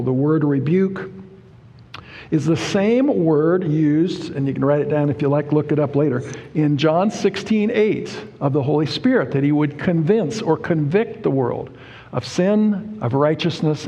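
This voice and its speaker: A man preaching a sermon, explaining Bible verses word by word in a deliberate, emphatic way. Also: a little high, darkish tone. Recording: reverberant hall.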